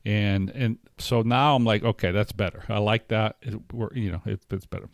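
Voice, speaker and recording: A man's voice: fairly low pitch, fairly even intonation, moderate pace, gravelly, no room sound. A middle-aged man talking candidly in a casual podcast conversation, telling personal stories with many fillers and restarts. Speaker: podcast co-host.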